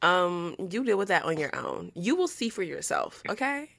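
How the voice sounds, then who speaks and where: A woman's voice: fairly low pitch, sing-song, moderate pace, vocal fry, a bit bright, no room sound, studio quality. A woman in her twenties co-hosting a casual chat podcast, slangy and laughing often. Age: 20s. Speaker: podcast co-host.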